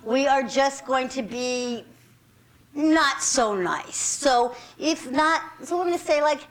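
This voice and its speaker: A woman with a high, light voice leads a self-defense class, giving upbeat, directive instructions. She keeps it playful while she runs the group through the exercise. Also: animated, slow, rough recording.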